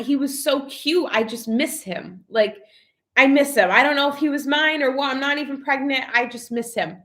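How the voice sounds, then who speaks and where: Chatty young woman, slightly high voice. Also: fairly bright tone. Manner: chatty and emotional, many "like" fillers. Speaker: vlogger. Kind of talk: casual live chat, reading viewer comments.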